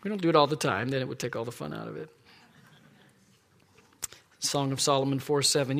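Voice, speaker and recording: A middle-aged man preaching a sermon in a church, earnest and emphatic, dropping to soft asides. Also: medium pitch, steady tone, normal speed, gravelly, long reverb tail. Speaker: pastor. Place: church sanctuary.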